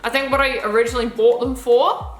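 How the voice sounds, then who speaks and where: A woman's voice: fairly high pitch, fairly even intonation, fast talker, reverberant, soft background music. A young woman, chatting casually and gushingly through a clothing try-on haul, swearing now and then. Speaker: fashion vlogger.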